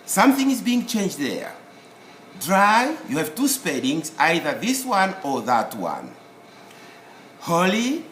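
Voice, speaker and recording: A man teaching a spelling lesson, explaining word by word in a slow, deliberate way with many pauses. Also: fairly high pitch, fairly bright tone, a little hiss or hum. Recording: roomy echo, faint ambience.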